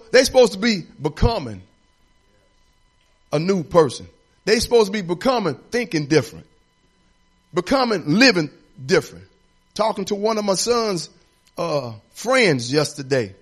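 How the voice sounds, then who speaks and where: A middle-aged man, an assistant pastor preaching a sermon that rises into declarations and drops to quiet storytelling. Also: high-pitched, breathy edge.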